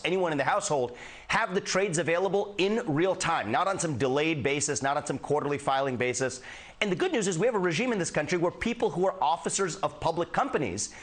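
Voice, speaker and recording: A man being interviewed on a news show, explaining his view in an earnest, measured way. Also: on the high side, fairly bright tone. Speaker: interview guest.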